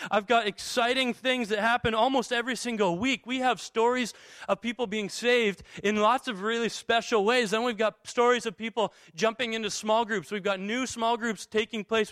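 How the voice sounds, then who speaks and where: High-voiced young pastor, dry and close. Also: male voice, no room sound. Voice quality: many restarts and stumbles. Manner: self-deprecating, animated storytelling with acted-out inner voices. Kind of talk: sermon.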